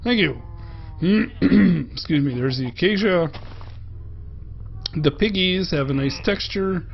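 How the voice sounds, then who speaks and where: Slow-talking man with a Pittsburgh accent. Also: high-pitched, lively intonation, gravelly, husky, highs cut off. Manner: chatty, greets game animals playfully. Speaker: game reviewer. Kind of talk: casual gameplay commentary.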